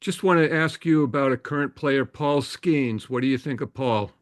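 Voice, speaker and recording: A man's voice: medium pitch, normal speed, dry recording, clean studio sound. A man in the audience asking a polite, appreciative question over a video call.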